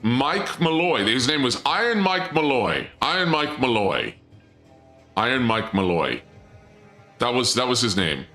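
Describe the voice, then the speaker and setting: A man's voice: mid-range voice, very animated, measured pace, pauses often, pushed and bright. A man streaming a game, chatting casually to his viewers and rambling through a story, often trailing off and restarting sentences. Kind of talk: casual gameplay commentary to chat. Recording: music playing behind the voice.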